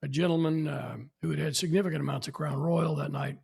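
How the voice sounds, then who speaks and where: A man's voice: fairly high pitch, quick pace, creaky, breathy edge. A man, telling anecdotes as a podcast guest and acting out the people he quotes. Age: 70s. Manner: animated, acts out quoted people. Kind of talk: anecdotal storytelling.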